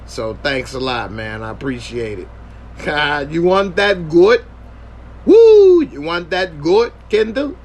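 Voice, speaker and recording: Male host, slightly high and gravelly, slangy and joking. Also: sing-song, takes it slowly. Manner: joking, slangy, thanks viewers. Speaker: podcast host. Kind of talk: casual livestream chat.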